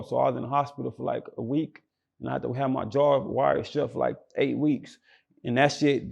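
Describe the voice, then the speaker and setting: Gravelly young man telling a rough story. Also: fairly high pitch, a little mellow. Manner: slangy, rambling, repeats words. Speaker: guest. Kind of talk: casual storytelling interview.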